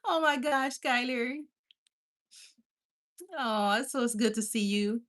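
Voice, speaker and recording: A woman's voice: on the high side, slow, a bit bright. A woman hosting a casual livestream, chatty and affectionate, laughing often. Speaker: livestream host.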